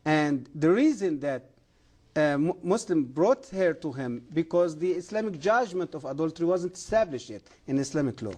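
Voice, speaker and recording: A middle-aged man speaks as a TV interview guest, his English halting and earnest. His voice sits fairly high for a man yet sounds dark and mellow. He leans into key words with emphatic conviction. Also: expressive. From Egypt. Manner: earnest, emphatic, halting non-native grammar. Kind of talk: testimony and preaching on a TV interview.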